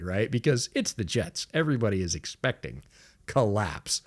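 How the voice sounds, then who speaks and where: A man co-hosting a sports podcast, telling stories in a casual, animated way and laughing often. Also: mid-range voice, moderate pace. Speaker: podcast co-host. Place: home studio.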